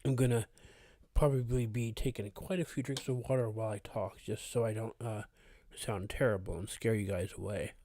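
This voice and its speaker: Mellow-voiced man, slightly rough, chatting. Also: on the low side, moderate pace, no echo. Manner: relaxed, greets chat viewers by name, frequent uh fillers. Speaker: horror story channel host. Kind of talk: casual live stream chat.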